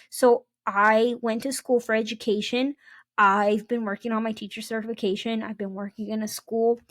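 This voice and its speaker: A woman's voice: fairly high pitch, little pitch movement, normal speed, a bit bright, dry recording, studio quality. A young adult woman hosting a casual storytelling podcast, chatty and digressive, with many ums and restarts. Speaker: podcast host.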